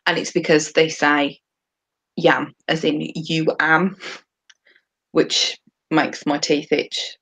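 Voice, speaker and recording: A woman's voice: low-pitched, flat delivery, takes it slowly, fairly bright tone. A woman from England with a Birmingham accent, co-hosting a casual podcast chat and dropping her T's as she talks. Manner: chatty, drops her T's. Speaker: podcast co-host.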